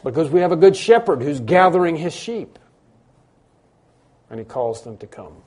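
Earnest preacher, man with a mellow voice. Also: fairly high pitch, very animated, normal speed. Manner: earnest, repetitive preaching with restarts. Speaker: pastor. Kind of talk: sermon.

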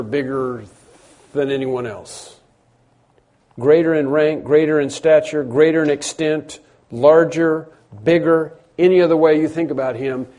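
A man preaching a sermon, stressing words loudly and then dropping low, often repeating phrases. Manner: emphatic, repeats phrases, swings between loud stresses and quiet drops.

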